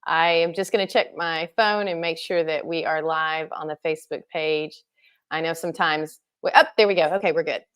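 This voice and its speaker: A woman's voice: low-pitched, fairly even intonation, normal speed, fairly bright tone, smooth. A woman hosting a live interview stream, chatty and enthusiastic. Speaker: host and founder.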